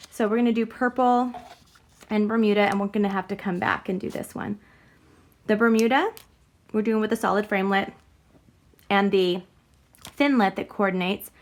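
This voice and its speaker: Chatty bubbly lady walking you through a craft at her table, faint hum and little clicks behind. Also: medium pitch. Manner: chatty, bubbly, giggles at herself. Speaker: crafting tutorial host. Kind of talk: casual step-by-step demonstration.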